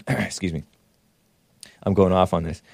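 A man's voice: low-pitched, takes it slowly, gravelly, darkish tone, no echo. Sarcastic male commentary host. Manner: sarcastic, mocking. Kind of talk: commentary on the news.

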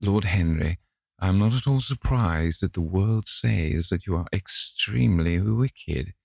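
A man's voice: low-pitched, a little slow, vocal fry, darkish tone, no echo, full character voice. A man voicing a chatty, scolding elderly society hostess in an audiobook reading, with exclaiming, indignant lines.

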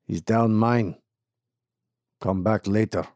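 A man voicing a gruff male laborer with an Eastern European accent who speaks curt, broken English. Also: on the low side, fairly even intonation, takes it slowly, a little mellow, dry recording, studio quality.

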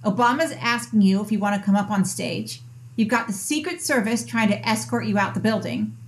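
A woman's voice: mid-range voice, brisk. A woman hosting an interview podcast, asking follow-up questions with engaged curiosity. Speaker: podcast host.

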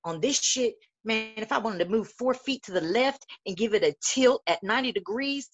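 Woman, 30s, podcast host, husky voice, swings her pitch wide and high, profane loud laughter, dull lo-fi sound. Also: lively intonation, moderate pace. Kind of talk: casual chat. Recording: dull lo-fi audio.

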